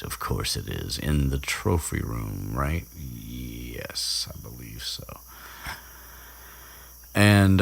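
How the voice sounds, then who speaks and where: A man with a very deep, gravelly voice talks through a story in loose, casual chat. He rambles and restarts often, and slips into brief character voices along the way. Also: a bit bright. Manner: rambling, many restarts and fillers, puts on quick voices for characters. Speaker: podcast host retelling a book chapter.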